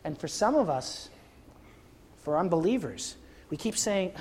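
A man preaching a sermon in a church, retelling a scripture story with acted-out voices and sudden shifts from loud to hushed. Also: sits high, normal speed, slight background noise. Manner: animated, acts out voices of the story. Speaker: pastor. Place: church sanctuary.

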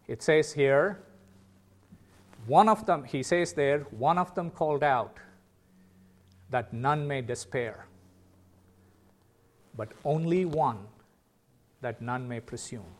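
A man preaching a sermon, earnest, with sudden loud emphatic calls. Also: medium pitch.

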